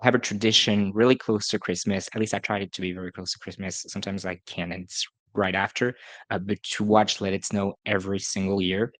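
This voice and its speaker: Male podcast host, lowish voice, dry close sound, chatty and self-correcting. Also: little pitch movement, a little fast, a bit bright, no room sound. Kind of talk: casual solo podcast review.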